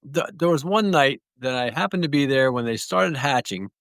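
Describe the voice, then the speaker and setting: A man's voice: medium pitch, lively intonation, normal speed, a bit bright, dry recording. A man telling stories in an interview, rambling through anecdotes with small restarts. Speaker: guest clownfish breeder. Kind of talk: relaxed storytelling.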